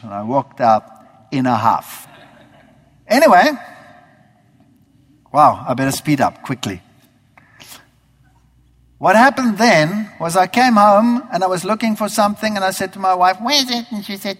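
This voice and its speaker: A man's voice: high-pitched, expressive, moderate pace, pauses often, fairly bright tone. A man from Germany giving a spoken religious testimony, acting out his own past thoughts as he tells the story. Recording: hall reverb.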